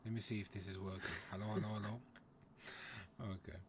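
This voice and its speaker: A man hosting a casual livestream, chatting with viewers in a playful, teasing way and often breaking into loud exclamations. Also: fairly low pitch, level tone, brisk, a little hiss or hum. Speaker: livestream host. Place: home, in the UK.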